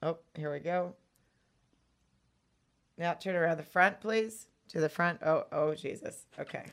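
A woman's voice: low-pitched, a little slow. Blunt, teasing woman co-host. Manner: teasing, blunt, laughs often. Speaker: podcast co-host. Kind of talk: casual chat. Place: office studio. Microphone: studio microphone.

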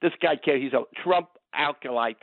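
A man's voice: mid-range voice, moderate pace, vocal fry, dry recording. An older man calling in to a radio talk show over the phone, blunt, rambling and indignant. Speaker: caller. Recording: tinny phone line.

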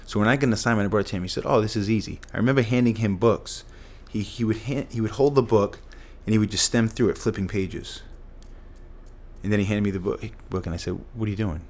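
A man's voice: lowish voice, fairly even intonation, fast. A middle-aged man earnestly telling a personal story as an interview guest.

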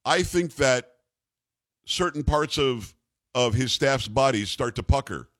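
A man's voice: medium pitch, lively intonation, measured pace, no echo, clean studio sound. A man hosting a talk radio show, bantering with a co-host in a jokey, sarcastic way. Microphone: studio mic.

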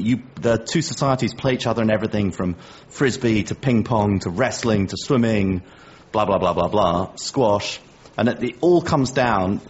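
Middle-aged English co-host, deep-ish and husky, animated self-deprecating storyteller. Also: male voice. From England. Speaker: podcast co-host. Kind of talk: casual chat. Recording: dull lo-fi podcast audio.

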